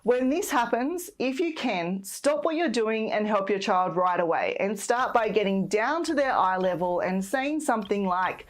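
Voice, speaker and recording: A woman giving parenting advice in calm, steady, scripted narration, like a patient teacher. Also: mid-range voice, moderate pace, few pauses. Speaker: parenting educator.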